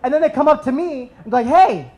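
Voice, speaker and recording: Thirties man from the US, live stage storyteller, animated, playful, self-deprecating. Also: very high voice, rapid-fire, low-quality recording. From United States. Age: 30s.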